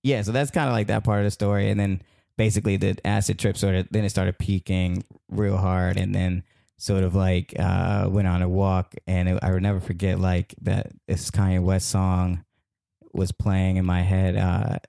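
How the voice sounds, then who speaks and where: A man telling a long, rambling story as a podcast guest, animated and full of fillers. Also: sits low, moderate pace, vocal fry, dry recording, clean studio sound. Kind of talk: casual storytelling.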